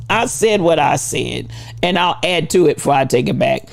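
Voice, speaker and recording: A woman hosting a livestream, giving an impassioned, preachy rant to her viewers. She swings between shouts and low asides. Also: expressive, moderate pace, vocal fry. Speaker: livestream host.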